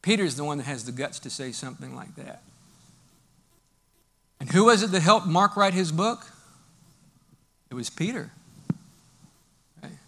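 A pastor delivers an animated, story-driven sermon that swings from loud bursts to hushed lines. His voice is a little high, he talks a little slowly, and he takes long pauses.

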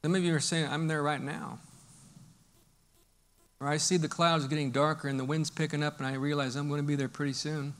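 A man preaching a sermon as a pastor, telling stories in an animated way and swinging between loud bursts and hushed lines. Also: on the high side, fast, hardly any pauses, clear, resonant tone.

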